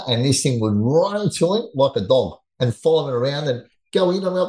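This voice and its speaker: A man in his sixties, an energetic guest expert chatting casually and telling animated stories. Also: fairly high pitch, a little fast, low-quality recording. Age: 60s. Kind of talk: casual chat.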